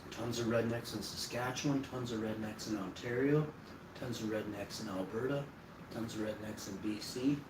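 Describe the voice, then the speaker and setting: A man talks loosely and bluntly, drifting from one thought to the next with offhand swearing. He sits well back from the mic in an echoey room, with steady noise behind him. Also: on the low side, normal speed. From Manitoba, Canada. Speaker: vlogger. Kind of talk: casual rambling monologue to camera. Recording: roomy, distant mic, noisy background.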